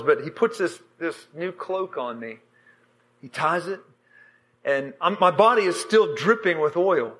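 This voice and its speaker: A man preaching, telling a vision in a halting, emotional way with many fillers and restarts. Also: on the high side, bright, forceful tone. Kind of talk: sermon storytelling.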